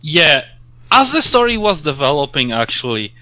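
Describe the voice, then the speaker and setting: A man co-hosting a casual gaming podcast, excitable and sarcastic, quick to laugh. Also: fairly high pitch, no room sound. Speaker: podcast co-host.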